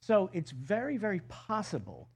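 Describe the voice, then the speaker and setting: A man preaching a Bible-study sermon, reading a psalm aloud and then explaining it in a conversational, animated way, often restarting his phrases. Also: sits high, moderate pace, breathy edge. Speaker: pastor.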